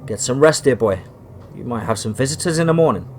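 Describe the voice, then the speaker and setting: A man voicing a kind female nurse who speaks softly and hushes a frightened patient. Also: medium pitch, expressive, fast, slight background noise, natural voice. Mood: soothing. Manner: soft and hushing.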